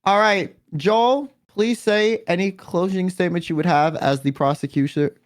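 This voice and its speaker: A man's voice: high voice, moderate pace. A man playing the judge in a comedic mock trial, running things casually with hesitations and crude outbursts. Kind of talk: comedic role-play stream.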